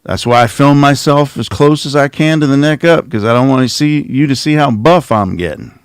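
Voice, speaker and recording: A man's voice: mid-range voice, brisk, smooth, no room sound, studio quality. A middle-aged man hosting a casual livestream, rambling and sarcastic as he mocks someone from his home office. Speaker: channel host.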